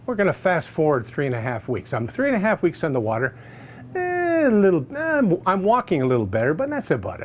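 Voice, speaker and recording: A man with a fairly high voice tells his own story in a casual, animated way. He acts out the other people in it, with his pitch bouncing all over, and a faint noise hums in the background. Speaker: customer giving a testimonial.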